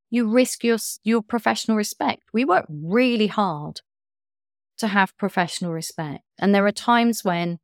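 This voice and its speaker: A woman coach speaking as a podcast guest in a gentle, soothing, reassuring way. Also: medium pitch, lively intonation, moderate pace, gravelly, dry recording, clean studio sound. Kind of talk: interview talk.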